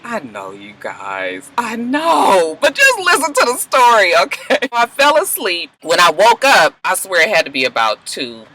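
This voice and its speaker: A woman's voice: medium pitch, unhurried, hardly any pauses. Woman spilling a storytime on her vlog, swears a lot, voice jumps all over, faint hum behind. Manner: animated and profane, acts out dialogue. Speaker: vlogger. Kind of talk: casual storytime.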